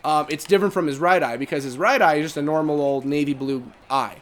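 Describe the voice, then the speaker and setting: A man's voice: a little high, quick pace. A young man chatting casually while streaming a game, rambling with many fillers. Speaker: gaming co-host. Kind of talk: casual chat while gaming.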